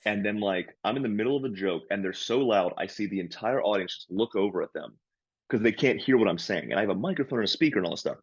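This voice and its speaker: A man's voice: fairly low pitch, quick pace, breathy edge, dry recording, dull audio. A man, a comedian and podcast co-host, telling a story in casual chat and acting out the lines of the people in it. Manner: animated storyteller, acts out quoted lines loudly.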